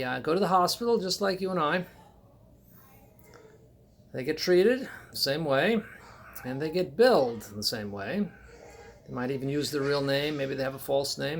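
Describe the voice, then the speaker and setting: A man speaks alone into the mic in a plain middle register, his voice roughened by a gravelly fry. His delivery is dry and wry, broken up by many halting ums and uhs as he works through his points. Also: medium pitch, a bit bright, slight background noise. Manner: halting, frequent um and uh pauses. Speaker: political commentator. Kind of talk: solo spoken commentary.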